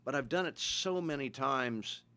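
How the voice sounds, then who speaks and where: An older man, a voice actor, explaining his craft in a relaxed interview, plainly and with easy chuckles. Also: medium pitch, a little slow. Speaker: voice actor guest. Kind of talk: casual interview talk.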